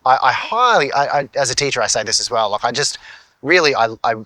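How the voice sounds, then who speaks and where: A forty-something Australian man talks through his filmmaking in a loose, rambling vlog, full of fillers and restarts. His voice is bright and forceful and his delivery quick. The recording is dry and close, with no room sound. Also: medium pitch, expressive, no echo. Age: 40s. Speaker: filmmaker and teacher. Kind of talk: casual vlog talk.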